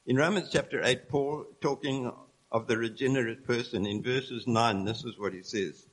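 A man's voice: medium pitch, moderate pace, poor audio. Man preaching an earnest sermon. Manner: earnest, explanatory, reads scripture aloud.

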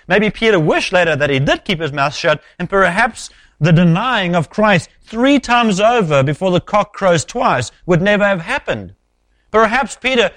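A man preaching an expository sermon, measured and emphatic, often dropping low at the ends of phrases. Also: a bit bright, dry recording.

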